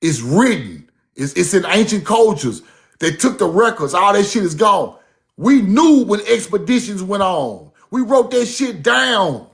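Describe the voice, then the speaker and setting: In an unhurried, creaky, high-pitched voice, a man recounts what his grandmother taught him. His loose, casual monologue is animated and conversational, full of swearing, and he keeps returning to the same points to hammer them home.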